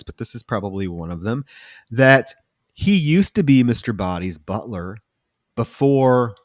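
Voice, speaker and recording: Guy on a movie podcast just walking through the plot, relaxed and chatty, super dry close mic. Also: medium pitch, no room sound. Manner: recaps plot at length in a loose, chatty way. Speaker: podcast co-host. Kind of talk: casual film discussion podcast.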